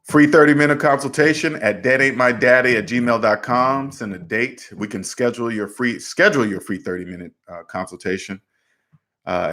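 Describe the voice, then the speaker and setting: A man's voice: lowish voice, bright, forceful tone. Man giving blunt debt advice. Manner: direct and emphatic, repeats words. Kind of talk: livestream answering viewer questions.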